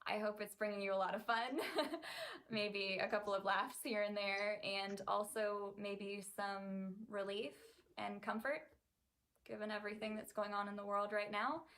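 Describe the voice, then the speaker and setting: A woman's voice: medium pitch, steady tone, unhurried, a bit bright, roomy sound. A woman voice actor giving a casual thank-you message, grateful, with small laughs and fillers. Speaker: voice actor sending a video message.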